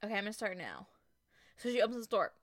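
A young woman vlogging a spooky ritual with a friend, talking casually and getting excitable and shrieky. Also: mid-range voice, fast talker, dry recording. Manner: excitable, shrieks and laughs when scared.

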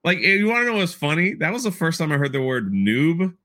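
A man hosting a podcast, chatting casually and telling animated stories, often breaking into laughter. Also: on the high side, fairly quick. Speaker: podcast host.

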